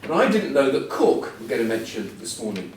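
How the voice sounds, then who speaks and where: A man's voice: medium pitch, very animated, a little fast. Middle-aged male guest speaker, anecdotal and wry, distant mic in a reverberant room with faint hum. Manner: anecdotal, self-deprecating, chatty storytelling. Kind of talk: after-dinner style motivational talk. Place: large event hall before an audience. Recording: echoey hall, voice from far off. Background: audience laughter.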